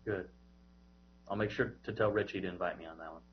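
A man's voice: deep voice, steady tone, brisk, muffled recording. A man on a casual podcast, laid-back and teasing his co-hosts. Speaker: podcast co-host.

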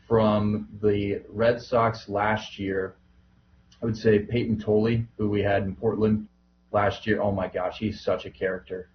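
Low-voiced easygoing man, muffled. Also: little pitch movement, measured pace, slight background noise. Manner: easygoing, rambling with fillers. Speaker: minor league baseball broadcaster, podcast guest. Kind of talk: casual podcast chat.

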